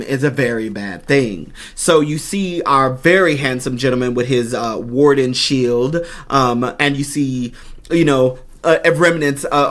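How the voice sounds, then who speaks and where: A man giving an excited, gushing reaction commentary on a game trailer as a YouTuber. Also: mid-range voice. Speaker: gaming YouTuber.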